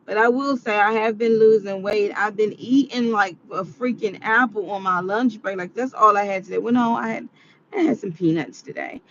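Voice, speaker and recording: A woman's voice: medium pitch, normal speed, fairly bright tone, muffled recording, a little hiss or hum. A tired woman vlogging to her viewers in a rambling, chatty monologue. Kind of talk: casual monologue.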